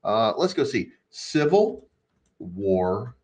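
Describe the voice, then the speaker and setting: A man's voice: fairly low pitch, big pitch swings, slow, a little mellow, husky. A man hosting a crypto channel, ranting casually in a rambling, crude, mocking way. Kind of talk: casual unscripted rant. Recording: dull lo-fi recording.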